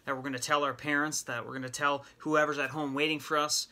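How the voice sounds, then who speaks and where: A middle-aged man teaching a sermon, retelling a scripture story in lively paraphrase and acting out the characters' lines. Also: a little high, fast. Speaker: men's ministry teacher.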